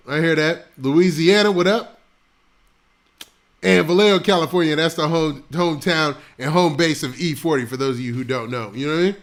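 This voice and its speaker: A high-pitched, gravelly male voice hosts a casual live stream on a close mic. He runs through shout-outs to viewers in loose, laid-back slang. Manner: shouting out viewers' locations one after another.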